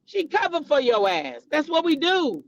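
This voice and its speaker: High-voiced female commentary host, blunt, profane, heated; AAVE speech. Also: lively intonation, normal speed, creaky, lo-fi sound. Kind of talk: casual commentary vlog.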